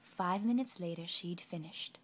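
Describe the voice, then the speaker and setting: A woman reading a children's story aloud with expressive, playful narration. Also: lowish voice, measured pace. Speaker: audiobook reader.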